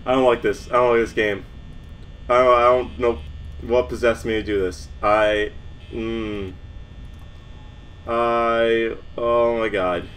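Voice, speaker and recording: A man's voice: mid-range voice, steady tone, slow, pauses often, a bit bright, a little hiss or hum. A nervous young man commentating a horror game, stammering, swearing and shaking with fear. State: shaking with nerves. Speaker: gamer.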